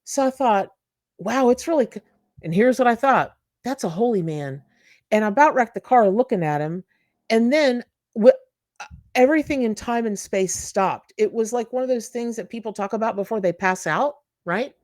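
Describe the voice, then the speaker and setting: A woman's voice: on the high side, animated, normal speed, darkish tone, no echo, clean studio sound. A woman hosting her channel, giving an emphatic, casual spiritual talk to her viewers and repeating words for stress. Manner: emphatic and repetitive, talks straight to viewers. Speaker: tarot reader and channel host.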